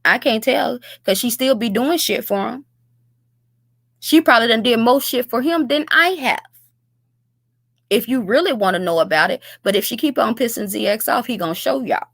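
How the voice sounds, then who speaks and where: A woman's voice: on the high side, animated, moderate pace, creaky, a bit bright, dry recording. Blunt, profane woman ranting. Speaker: YouTube commentary host. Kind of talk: ranting commentary.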